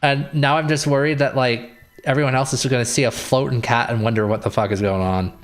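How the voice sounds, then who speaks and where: A man's voice: mid-range voice, fairly even intonation, fairly quick, soft background music. Brief: wry male streamer chatting offhand over gameplay. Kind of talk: casual gameplay commentary.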